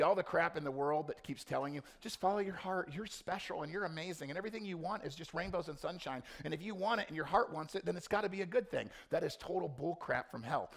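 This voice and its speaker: Gravelly-voiced man preaching a blunt sermon. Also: medium pitch. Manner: blunt, swings between quiet intensity and loud mocking voices. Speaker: pastor.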